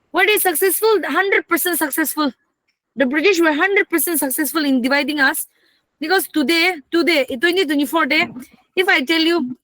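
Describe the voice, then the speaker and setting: High-voiced woman teaching history. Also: fairly bright tone, no echo. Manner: code-switching, asks "okay, clear?" often. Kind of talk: classroom lecture.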